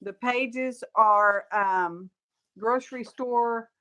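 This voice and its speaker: A tired, sleepy woman with a drawl hosts a crafting livestream, picked up by her camera mic. Her voice sits fairly high, and she talks in an unhurried, folksy way. She chats warmly with viewers and greets them by name. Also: low-quality recording. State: sleepy, yawning. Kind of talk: casual livestream chat.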